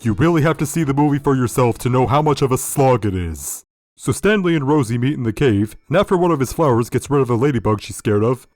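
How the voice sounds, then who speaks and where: Sardonic male video critic, mid pitch, dry close sound. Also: expressive, quick pace, a little mellow, dry recording, soft background music. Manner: sardonic, profane. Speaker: video essay host. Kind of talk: critical review commentary.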